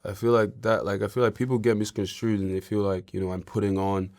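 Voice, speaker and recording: A young man from Ireland, a guest in a casual interview, talking in a relaxed, rambling way with many fillers. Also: on the low side, fast talker.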